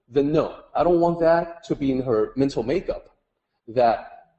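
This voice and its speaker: A man's voice: mid-range voice, warm tone, poor audio. A man teaching a group, telling a story in a conversational way with many "you know" asides. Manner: acts out quoted voices in story. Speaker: Daoist teacher.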